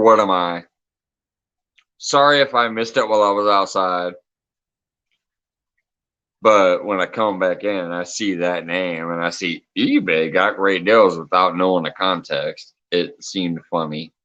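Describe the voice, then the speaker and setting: In a casual late-night livestream, a man reads comments aloud, laughing often and swearing freely in a loose, joking way. His low voice is unhurried, with long pauses, and sounds pushed and bright through a muffled recording.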